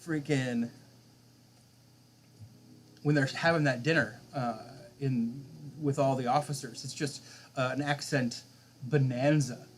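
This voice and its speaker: A man's voice: mid-range voice, steady tone, slow pace, pauses often, slight background noise. A man streaming a game live late at night, rambling casually and answering viewers' chat.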